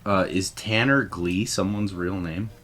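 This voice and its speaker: A man's voice: low-pitched, measured pace, a bit bright, soft background music. A man playing a tabletop role-playing game, joking around with snarky asides. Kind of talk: casual tabletop game chat.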